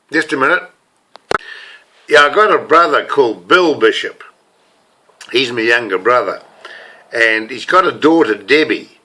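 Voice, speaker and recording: An older man with a New Zealand accent, a self-styled preacher and video blogger, talks to the camera in a rambling, casual monologue. His voice is medium in pitch with a sharp tone, and he restarts often and leans on fillers.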